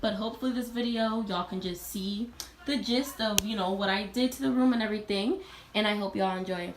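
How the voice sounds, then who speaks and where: A woman's voice: mid-range voice, brisk, background noise. A young woman in college giving an upbeat, chatty tour of her dorm room and speaking straight to her viewers. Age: young adult. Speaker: college student vlogger. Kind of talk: casual dorm tour vlog.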